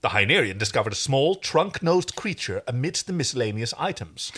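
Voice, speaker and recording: A man's voice: mid-range voice, sing-song, a bit bright, husky. A man, co-hosting a podcast, reading fan fiction aloud in a playful, chatty way. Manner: playful, chatty, quick to laugh. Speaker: podcast co-host.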